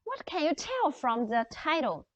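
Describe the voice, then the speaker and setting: Upbeat woman teacher asking her class questions, high voice, kinda muffled lo-fi. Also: very animated, unhurried, dry recording. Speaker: English teacher. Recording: dry, dull lo-fi sound.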